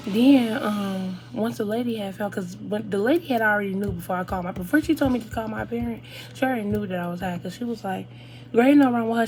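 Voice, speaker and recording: A woman's voice: medium pitch, noisy background. Chatty young woman telling a storytime. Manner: chatty, animated, addresses viewers as y'all. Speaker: vlogger. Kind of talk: casual storytime.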